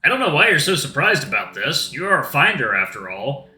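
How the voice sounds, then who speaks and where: A man voicing a big male wolf giant who speaks calmly and reassuringly. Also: fairly high pitch, brisk, echoey room, heavily acted, low-quality recording. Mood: soothing. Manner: soothing and easygoing.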